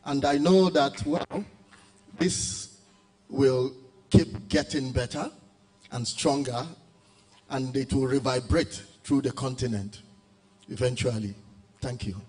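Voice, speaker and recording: Guy saying thanks after an award, mellow voice, slow and measured on key words. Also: medium pitch. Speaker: award recipient giving thanks. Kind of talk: short thank-you speech.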